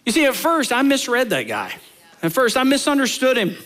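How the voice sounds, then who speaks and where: A man preaching a sermon as pastor, talking to the congregation in a conversational way, asking rhetorical questions and telling lively stories. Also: extremely high pitch, brisk. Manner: animated storytelling.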